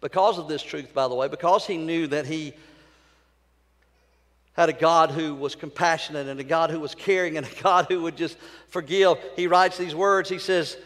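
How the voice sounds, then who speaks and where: High-voiced pastor preaching in a reverberant hall. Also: male voice, fairly even intonation, normal speed. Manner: impassioned, swings from loud outbursts to near-whispers. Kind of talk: sermon. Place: large church sanctuary.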